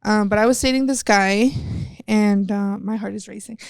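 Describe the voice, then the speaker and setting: Gravelly-voiced woman telling her story. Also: mid-range voice, fairly even intonation, moderate pace, no echo. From Texas. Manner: earnest, retelling events step by step. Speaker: guest, professional wrestler. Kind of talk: candid interview storytelling.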